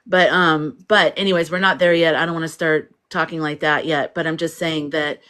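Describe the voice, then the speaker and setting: A woman with a somewhat low voice hosts a casual livestream. She chats freely, reads viewer comments aloud and laughs often. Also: fairly even intonation, moderate pace, pushed and bright. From United States. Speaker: livestream host.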